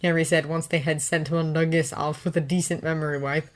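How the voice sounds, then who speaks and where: A woman's voice: low voice, level tone, brisk, hardly any pauses. A woman reading a fanfiction story aloud as an audiobook narrator. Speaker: fanfiction reader.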